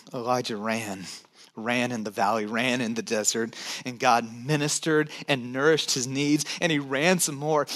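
Male pastor, slightly high-pitched, preaching with hushed dips and emphatic swells, casual humor. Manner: dynamic preaching, dropping to soft near-whispers and rising to emphatic points; conversational, joking asides. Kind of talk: sermon.

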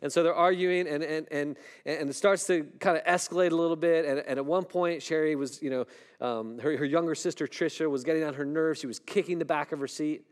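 A middle-aged man preaching a sermon in a conversational way, often asking "right?" and dropping his voice low and soft when a story turns tense. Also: steady tone, a little fast. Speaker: pastor.

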